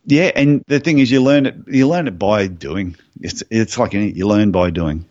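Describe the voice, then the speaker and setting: Deep-voiced man telling stories. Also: moderate pace, no room sound, highs cut off. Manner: storytelling, animated anecdotes. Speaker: podiatrist and podcast guest. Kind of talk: casual interview talk.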